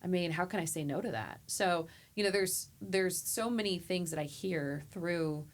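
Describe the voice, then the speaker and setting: Gravelly low-voiced woman therapist. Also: moderate pace, a little hiss or hum. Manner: heartfelt, animated, acts out quoted people. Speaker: therapist guest. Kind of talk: emotional conversational storytelling.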